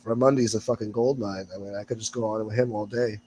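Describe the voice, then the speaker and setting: A man's voice: fairly low pitch, steady tone, fast talker, noisy background. A man chatting as a guest about his videos, easygoing and profane. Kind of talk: casual chat.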